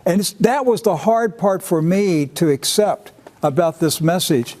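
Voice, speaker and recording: A man's voice: high-pitched, expressive, unhurried, darkish tone. A man hosting a talk show, speaking earnestly and directly. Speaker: host. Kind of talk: casual chat.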